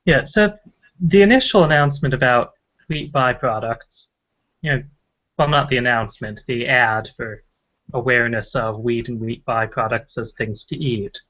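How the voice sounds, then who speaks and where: A man gives a measured opinion on a podcast, hedging and thinking aloud. He speaks at a middle pitch. The sound is dull and lo-fi. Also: fairly bright tone. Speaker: podcast panelist. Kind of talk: casual chat.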